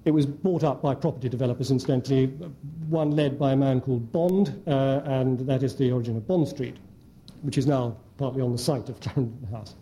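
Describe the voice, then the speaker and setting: A man lecturing an audience in a measured way, with frequent hesitant fillers. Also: medium pitch, warm tone, slight background noise. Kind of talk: academic lecture with slides. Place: lecture hall before an audience.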